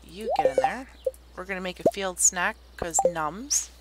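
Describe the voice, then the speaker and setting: A woman's voice: on the low side, animated, a little slow, heavy background noise. A woman streamer giving casual gameplay commentary, chatty, thinking aloud and correcting herself as she goes. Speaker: game streamer. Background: loud game music.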